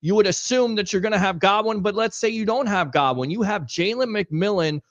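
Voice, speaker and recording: A man's voice: high-pitched, fairly quick, no echo. A man co-hosting a sports talk show, emphatic and repeating points for stress. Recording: dull lo-fi stream audio.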